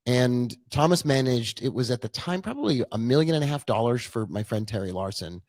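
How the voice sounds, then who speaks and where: A man's voice: mid-range voice, lively intonation, a little fast, a little mellow, no room sound. A man in his forties, a trading coach, telling his own story in a casual, chatty live-stream talk full of asides.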